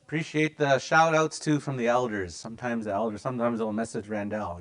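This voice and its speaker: A man's voice: medium pitch, fairly quick. A man teaching a language class with lots of energy and emphasis.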